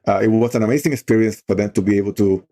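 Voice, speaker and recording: Earnest man with a low, mellow voice. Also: steady tone, rapid-fire. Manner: earnest, heartfelt, frequent "you know" fillers. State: emotional while telling the story. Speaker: guest on a talk show, outdoor program leader. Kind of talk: conversational storytelling.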